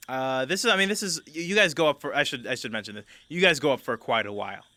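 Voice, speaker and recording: A man's voice: mid-range voice, lively intonation, fast, bright, forceful tone, no room sound. A man running a tabletop role-playing game as game master, chatty and loose with plenty of fillers and restarts.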